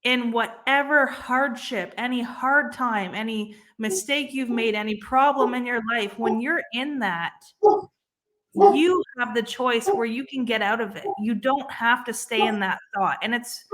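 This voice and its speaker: A woman's voice: a little high, unhurried, a bit bright. A young woman co-hosting a podcast, talking earnestly in casual chat, swearing freely and restarting her sentences often. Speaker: podcast co-host.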